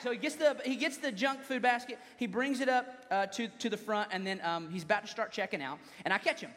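A man's voice: high voice, a little fast, few pauses, fairly bright tone, slight background noise. A young adult man preaching a sermon to a congregation in a conversational way, with joking asides. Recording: long hall reverb.

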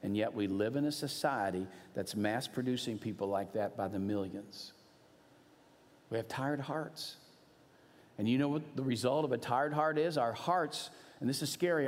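Middle-aged male pastor, mid pitch, earnest sermon storytelling, long reverb of a church hall. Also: normal speed. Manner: earnest storytelling, swings from animated to hushed.

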